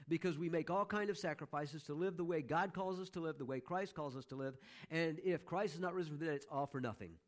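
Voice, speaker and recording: Middle-aged male pastor, slightly high voice, emphatic sermon delivery with repeated refrains. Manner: emphatic, repeats key phrases, slows down for stress.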